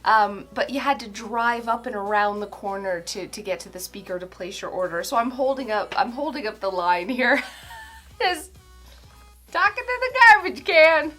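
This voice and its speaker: A woman's voice: medium pitch, normal speed, a bit bright, soft background music. A woman, telling funny stories to camera in a chatty, self-deprecating way. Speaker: home organizing vlogger. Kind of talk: casual storytelling to camera. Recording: roomy echoey indoor sound.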